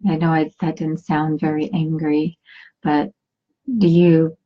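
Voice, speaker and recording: A woman pastor leading a slow, soothing guided meditation within a sermon. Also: sits low, flat delivery, warm tone, highs cut off. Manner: slow, soothing, with long pauses.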